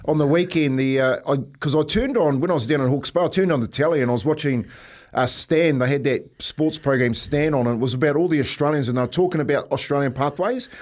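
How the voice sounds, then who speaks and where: A man's voice: on the high side, quick pace. A man with a New Zealand accent co-hosting a breakfast radio show, rambling and chuckling as he chats casually. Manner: rambling, chuckling, says "mate" often.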